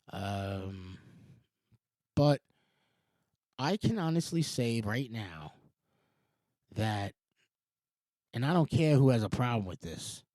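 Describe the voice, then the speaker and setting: Rambling middle-aged man, lively pitch. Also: no room sound, studio quality. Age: 40s. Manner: digressive and rambling, swears casually, frequent restarts. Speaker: show host. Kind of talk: rambling morning-show monologue.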